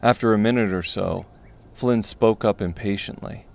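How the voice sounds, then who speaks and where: A man narrating a dark fantasy audiobook in a steady, measured way. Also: fairly low pitch, vocal fry.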